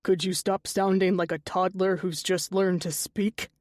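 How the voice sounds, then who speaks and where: A woman's voice: steady tone, unhurried, darkish tone, no echo, studio quality, natural voice. A woman reading the part of a brooding young male shapeshifter commander who snaps and growls, in an audiobook. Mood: irritated. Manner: gruff, snapping, growled low.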